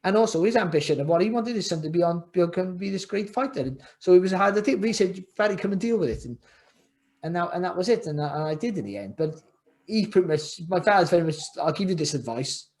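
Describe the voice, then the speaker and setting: Middle-aged man, podcast guest, rambling and reflective, voice a touch high. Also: lively intonation, quick pace, darkish tone. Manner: rambling, repeats words and restarts often, reflective. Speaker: guest, former world champion boxer. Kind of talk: candid podcast interview.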